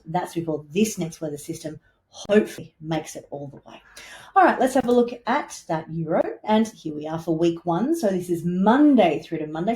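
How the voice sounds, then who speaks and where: A woman's voice: lowish voice, mellow. A woman presenting a weather forecast, chatty and enthusiastic as she points along a map with little asides. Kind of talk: casual weather forecast walkthrough.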